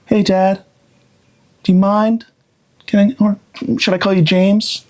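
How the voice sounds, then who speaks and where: Casting: a man doing a meek, pleading boy, pitched up and timid. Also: flat delivery, slow, a little mellow. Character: timid, needy twelve-year-old boy.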